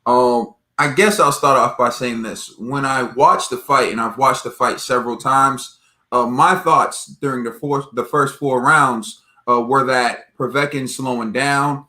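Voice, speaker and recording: A man from the United States, a guest on a live stream, talking in a relaxed, thoughtful way. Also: mid-range voice, unhurried. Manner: relaxed, thoughtful, many fillers. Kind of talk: casual live-stream chat. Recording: echoey room.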